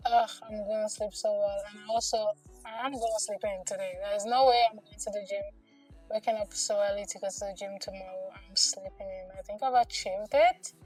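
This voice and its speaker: A woman's voice: medium pitch, fairly even intonation, brisk, a little mellow, distant mic, soft background music, low-quality recording. A young woman vlogging while she crochets in her home studio, chatty and tired, often saying "like" and "guys". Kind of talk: casual vlog talk while crocheting.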